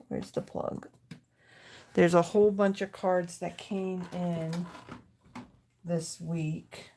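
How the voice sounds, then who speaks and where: A woman's voice: on the low side, mellow, a little hiss or hum. A woman hosting a live card-making stream, chatting casually with viewers and talking them through her table as she tidies up. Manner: chatty, thanks viewers by name, talks while tidying her desk. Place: home craft studio.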